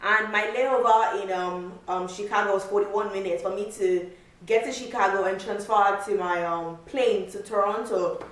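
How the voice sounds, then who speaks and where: A woman vlogger telling a travel story in a casual, animated way, with lots of repeats and filler words. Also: mid-range voice, moderate pace. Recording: echoey room, mic far off.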